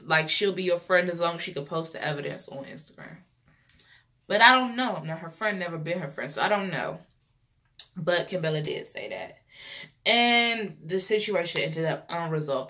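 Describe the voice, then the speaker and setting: A woman's voice: on the low side, sharp tone. A young woman talks through a reality show episode. She is chatty and opinionated, repeats phrases and laughs often. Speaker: reality TV reviewer. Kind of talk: casual chat.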